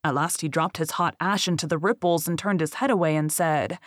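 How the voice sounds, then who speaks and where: A narrator reading a literary story aloud at a measured, even pace. The voice has a middling pitch and is recorded dry, with no room sound. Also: no echo. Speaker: audiobook narrator.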